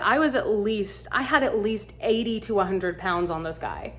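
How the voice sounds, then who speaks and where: A woman casually telling a funny travel story, animated and laughing as she acts out what people said. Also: medium pitch, normal speed. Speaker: vlogger.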